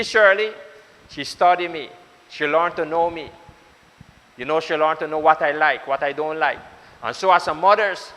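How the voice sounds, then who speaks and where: Bright-voiced pastor preaching in a hall. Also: male voice, sits high. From Suriname. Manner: repetitive, exhorting, addresses congregation directly. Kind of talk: sermon. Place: church.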